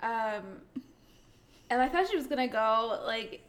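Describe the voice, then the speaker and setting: A woman's voice: fairly high pitch, measured pace. A young woman co-hosting a podcast, telling clinic stories in casual chat, with lots of "like" fillers and giggles. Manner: relaxed, many "like" fillers, giggles. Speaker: podcast co-host, veterinary clinic worker.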